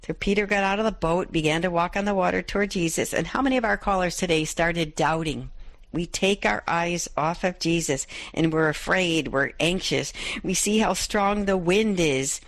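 A woman's voice: fairly low pitch, normal speed, dry recording. A middle-aged woman hosting a Catholic radio show, reflecting on a gospel passage and rereading its verses aloud. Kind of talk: devotional scripture reflection.

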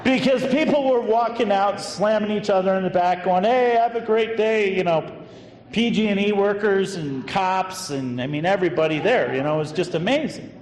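Telling a relaxed anecdote from the pulpit, the male associate pastor scatters casual fillers through his sermon story at a moderate pace. His slightly high voice rings through a large hall, trailing a long echo above faint background noise.

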